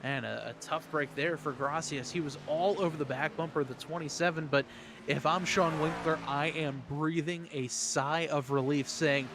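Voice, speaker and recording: A man calls a race in quick, energetic play-by-play. His voice sits a little high. A faint noise runs under the recording. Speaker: race commentator. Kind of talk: play-by-play commentary.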